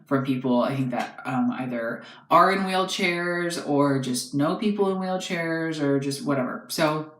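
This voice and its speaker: A young man reviewing dolls in a casual, rambling way, hesitating often and filling pauses with fillers. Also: fairly high pitch, fairly bright tone. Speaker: doll reviewer. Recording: echoey room.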